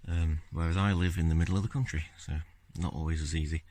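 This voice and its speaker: A man talking casually through his car-repair video diary on a handheld phone camera, relaxed and rambling with lots of fillers. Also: very deep voice, fast, a little hiss or hum. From Scotland.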